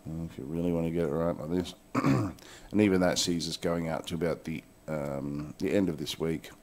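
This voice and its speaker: This speaker is a man with a low, slightly mellow voice, keeping his intonation fairly even and his pace moderate. His talk is a heated, profanity-laced rant about the crypto market that shifts into commentary on chart analysis in a video.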